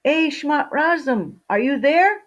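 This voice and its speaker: A woman's voice: sits high, animated, slow pace, muffled recording, pitched above the performer's own voice. A woman voicing a humble, kindly young male archer who talks in a friendly, good-natured way, in a storybook telling.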